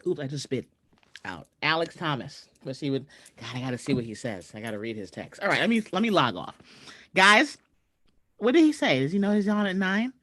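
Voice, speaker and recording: A woman hosting a casual livestream from home, chatting and shouting out viewers over a video call mic. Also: deep voice, very animated, fairly quick, no echo. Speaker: host. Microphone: computer mic on a video call.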